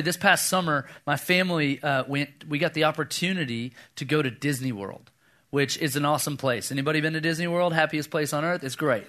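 Pastor, thirties, man, bright tenor that sits a bit high, lively storytelling sermon. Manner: animated storyteller, acts out voices, drops to a hush for quoted lines.

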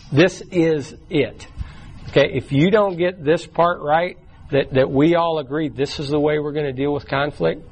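A man's voice: medium pitch, darkish tone, low-quality recording. A man leading a church small group class in a casual, talky way, often restarting words and briefly acting out quoted voices, recorded in a room with the group. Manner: acts out quoted voices in short bursts. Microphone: taped from the room.

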